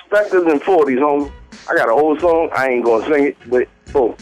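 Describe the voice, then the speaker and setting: A man's voice: a little high, animated, brisk, highs cut off. A man in his thirties calling in over the phone, chatting casually in slang and laughing through his words. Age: 30s. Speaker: caller. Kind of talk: casual call-in chat. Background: music from a radio.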